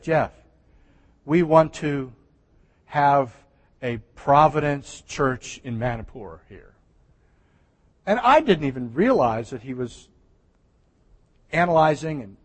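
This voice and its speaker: A man pastor preaching a sermon in a conversational way, with restarts and soft laughs, recorded in a church. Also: a little high, animated, takes it slowly, long pauses, breathy edge. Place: church sanctuary. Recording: church hall reverb.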